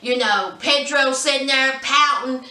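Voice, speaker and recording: A woman's voice: high voice, unhurried, pushed and bright, far from the mic. A woman giving a casual recap of a reality show episode in a sassy, gossipy storytelling manner, with drawled asides. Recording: echoey room, mic set back.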